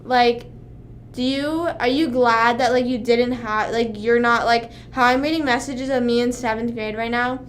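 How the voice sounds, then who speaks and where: A woman in her twenties chatting casually on a livestream, rambling and animated, with frequent swearing. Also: on the high side, normal speed, slight background noise. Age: 20s. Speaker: streamer.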